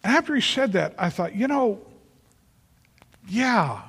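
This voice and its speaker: A man preaches a sermon in a high, very animated voice that's fairly bright and slightly rough, moving a little slowly. Earnest and emphatic, he repeats phrases for stress and calls on listeners by name, with the long reverb of a large hall behind him.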